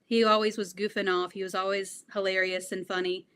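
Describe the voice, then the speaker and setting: A woman's voice: medium pitch, little pitch movement, brisk, a bit bright, smooth. A young woman being interviewed, answering in an earnest, reflective way with frequent fillers. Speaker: interview guest.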